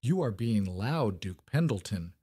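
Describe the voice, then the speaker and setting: A man doing a flat, clinical woman surgeon. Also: lowish voice, a little slow, slightly rough, no room sound, clean studio sound. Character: blunt, cold female field surgeon.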